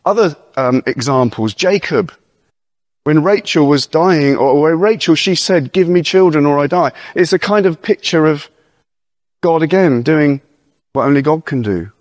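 A man preaching an earnest, encouraging sermon, reading scripture slowly and breaking off for informal asides and questions to his listeners. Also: a little high, lively intonation, no echo. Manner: reads verses aloud slowly and deliberately.

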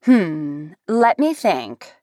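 A woman voicing a playful, mischievous young man who works in a diner, speaking in a slow, drawn-out sing-song. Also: on the low side, sing-song, warm tone, no echo, studio quality, pitched below the performer's own voice, full character voice. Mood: teasing.

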